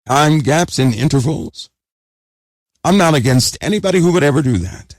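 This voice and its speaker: A man's voice: on the high side, lively intonation, normal speed, no echo, studio quality. A man preaching an urgent sermon, exhorting listeners and repeating phrases for emphasis.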